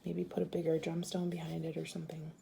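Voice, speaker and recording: A woman's voice: low voice, monotone, fast talker, gravelly, background noise. A woman from Arizona chatting casually through an unboxing for her viewers, gushing and giggling as she talks. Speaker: bead crafting vlogger.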